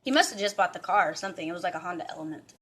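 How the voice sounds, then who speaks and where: Bright-voiced, foul-mouthed woman vlogger. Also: fairly low pitch, racing, slightly rough. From Dallas, Texas. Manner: profane, animated storytelling. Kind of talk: storytime vlog.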